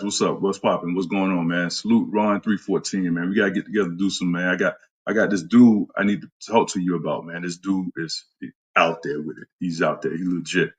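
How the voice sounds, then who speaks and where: Blunt, husky-voiced man trainer. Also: deep voice. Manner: blunt, profane, trash-talking; greets viewers by name. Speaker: fitness trainer. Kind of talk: casual live-stream fitness talk.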